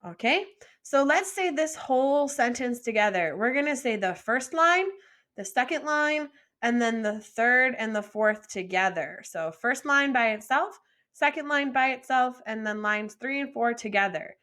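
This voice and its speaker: A young adult woman teaching French vocabulary in a patient, encouraging lesson, modeling pronunciation slowly and asking learners to repeat. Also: fairly high pitch, expressive, a bit bright. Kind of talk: slow, deliberate vocabulary lesson with repeat-after-me drills.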